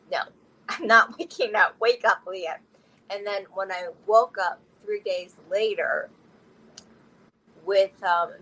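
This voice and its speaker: A woman's voice: fairly low pitch, slight background noise, rough recording. A woman telling her personal story candidly as an interview guest, often laughing through difficult memories.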